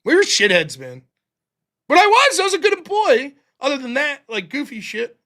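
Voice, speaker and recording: A man's voice: extremely high pitch, wildly swooping pitch, moderate pace, pushed and bright. An American man in his forties hosting a show, telling rowdy, profane stories and acting out the people in them. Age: 40s. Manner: profane, rowdy, acts out quoted voices. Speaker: show host. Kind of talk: casual storytelling monologue.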